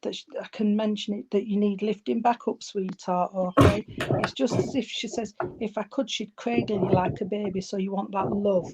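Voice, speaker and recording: A woman working as a spiritualist medium at a church service, relaying messages in a halting way and often calling the listener darling or sweetheart. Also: mid-range voice, fairly even intonation, poor audio. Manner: halting, with many fillers and restarts. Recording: loud background noise with clicks.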